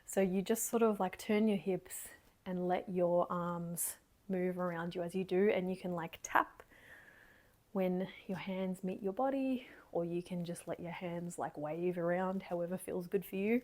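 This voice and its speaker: A woman leading a casual guided movement meditation from her lounge room, gentle and encouraging, a little out of breath. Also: on the low side, fairly even intonation, measured pace. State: slightly out of breath.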